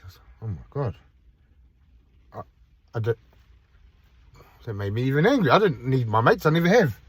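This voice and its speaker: A man's voice: mid-range voice, lively intonation, brisk, pauses often. A man vlogging from a parked car by a park, telling a rambling, blunt story in casual talk with frequent restarts.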